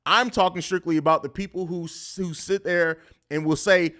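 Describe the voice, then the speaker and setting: A man's voice: sits high, fairly even intonation, a little fast, pushed and bright. A man hosting a live sports podcast, talking bluntly and riffing with plenty of profanity. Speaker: podcast host. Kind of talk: live-stream sports talk.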